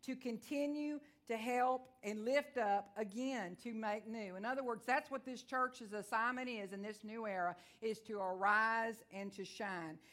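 A woman's voice: a little high, measured pace, few pauses, fairly bright tone. Fervent Texan woman preaching. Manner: fervent, folksy storytelling with calls of amen. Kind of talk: sermon. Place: church service before a congregation.

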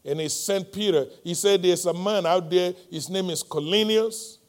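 A middle-aged man with a Nigerian accent preaching a sermon, moving between loud, emphatic appeals and quiet, close storytelling. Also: high voice, normal speed.

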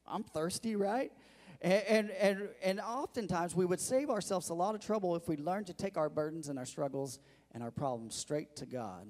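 A man's voice: high-pitched, moderate pace, darkish tone, big-room sound. A male pastor preaching a sermon, asking the congregation questions and calling for their responses.

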